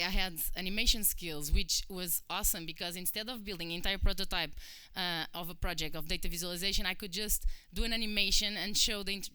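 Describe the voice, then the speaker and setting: Addressing an audience, this conference speaker, a thirtysomething woman from Portugal, chats animatedly about personal matters with lots of fillers, performing the voices she quotes. Her voice is lowish and smooth, with a Portuguese accent and no echo.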